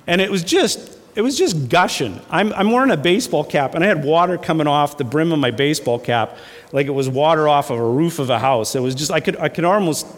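Man, pastor preaching, emphatic repetition, folksy asides, slightly high voice, long hall reverb. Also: lively intonation, a little fast. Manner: emphatic, repeats phrases for effect; folksy storytelling with fillers and laughs. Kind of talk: sermon.

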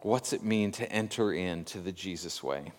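A man preaching a sermon as pastor, reflective and measured, telling a story with pauses. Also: deep voice, big-room sound.

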